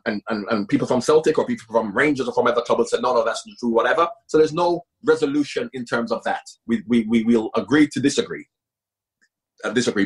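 A man speaking as a guest in a conversational interview, emphatic and animated, often repeating himself for stress. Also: medium pitch, husky. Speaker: guest, former footballer and coach.

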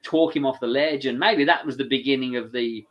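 A man with an English accent, a guest telling stories in a casual, animated way and acting out what other people said. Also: medium pitch, fairly quick, highs cut off. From England. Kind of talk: casual anecdotal storytelling.

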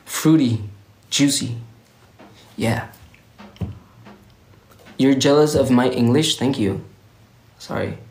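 A young man hosts a relaxed phone livestream, playful and giggly though plainly tired. He drawls at an unhurried, slow pace, and the sound has a roomy echo around it. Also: mid-range voice, slight background noise. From Sweden. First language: Swedish. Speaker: livestream host. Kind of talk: casual livestream chat reading viewer comments.

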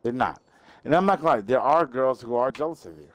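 A man ranting on a livestream in a brash, profane, repetitive way, often swinging his pitch up high. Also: lively intonation, fast, dry recording. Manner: brash, profane, repeats himself. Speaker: stream guest. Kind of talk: rambling livestream rant. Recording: noisy stream audio.

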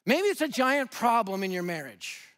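A high-voiced guest preacher in his fifties from Denver, USA gives a sermon built around stories. Speaking at normal speed, he's animated and funny, suddenly shifting from loud outbursts to hushed, tender lines.

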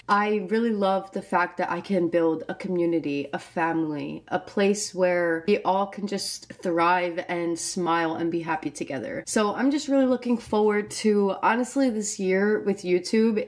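A woman fitness coach talking to camera in an upbeat, affirming vlog style, often saying "like". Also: mid-range voice. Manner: upbeat, affirming, says "like" a lot. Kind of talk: motivational vlog talk.

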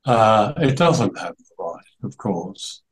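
An older man giving slow, deliberate interview answers, pausing often with fillers. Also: fairly low pitch, expressive, rough recording. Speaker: interview guest, journalist.

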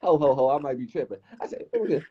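Animated high-pitched man telling a story. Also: very fast, creaky, lo-fi sound, noisy background. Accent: Washington DC area. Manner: animated, swearing, acts out quotes in high voices. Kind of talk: casual storytelling on a livestream.

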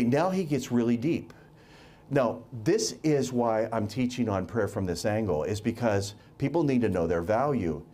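Male preacher, mellow voice, lively pitch, emphatic sermon delivery with repeated words.

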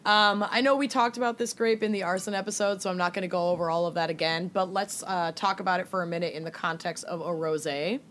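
A woman's voice: on the low side, steady tone, fairly bright tone. Flu-sick woman co-host, playful and giggly. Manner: giggly, playful, drawn-out emphasis. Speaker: podcast co-host, wine pairing segment. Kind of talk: casual chat.

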